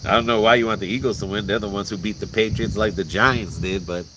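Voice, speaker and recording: A man's voice: fairly low pitch, steady tone, fast talker, background noise. A man from Puerto Rico chatting casually on a vlog, laughing and joking about sports with some swearing. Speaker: vlog host. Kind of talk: casual chat. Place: outdoors in rural mountains at night. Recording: outdoor recording, loud crickets. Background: loud crickets and insects.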